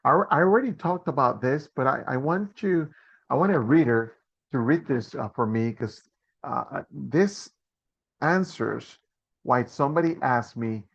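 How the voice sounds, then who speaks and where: A man's voice: mid-range voice, expressive, measured pace, gravelly, slightly rough, muffled recording. A man hosting a live online Q&A about a trip, talking with many fillers and restarts. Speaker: host and trip organizer.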